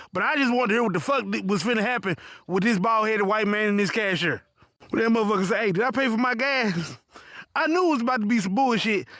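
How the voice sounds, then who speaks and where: A man telling a profane comic story in an animated voice full of punchy asides. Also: very high-pitched, no room sound, studio quality. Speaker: comedic storyteller.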